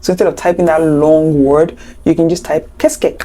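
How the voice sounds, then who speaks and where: Woman, young adult, language teacher, chatty explanations, playful asides, low voice, warm tone. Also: fairly even intonation, moderate pace. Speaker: French teacher. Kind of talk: online language lesson.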